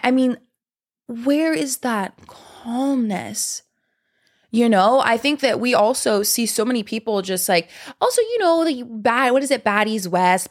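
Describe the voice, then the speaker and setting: Chatty young woman rambling casually. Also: on the high side. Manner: chatty, rambling, lots of fillers. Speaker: podcast host. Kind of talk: casual monologue.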